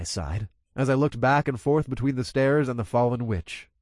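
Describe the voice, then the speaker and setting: A man's voice: mid-range voice, normal speed, a little mellow, no room sound, clean studio sound. A man reading a first-person action story aloud in a casual, profane manner. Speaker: narrator.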